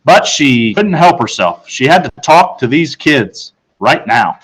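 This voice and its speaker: A man's voice: mid-range voice, very animated, a little slow, a bit bright, husky, rough recording. Man reading a children's book aloud. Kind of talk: read-aloud storytelling.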